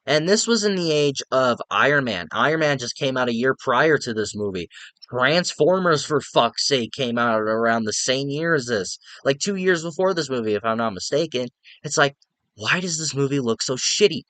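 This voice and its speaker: A man's voice: medium pitch, lively intonation, moderate pace, a bit bright, dry recording. A young man giving a casual, profane, exasperated movie review rant, rambling with lots of filler words.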